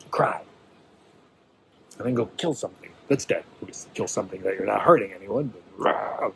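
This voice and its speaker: A man's voice: mid-range voice, creaky, darkish tone, slight background noise, poor audio. A man leading a workshop in an easygoing, encouraging way, often checking in with his listeners. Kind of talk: informal teaching talk to a small group.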